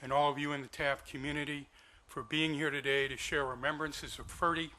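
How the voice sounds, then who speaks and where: A man's voice: on the high side, level tone, a little fast, pushed and bright, rough recording. Man giving a gracious memorial speech. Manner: formal, gracious. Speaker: brother of the deceased, speaker at a memorial.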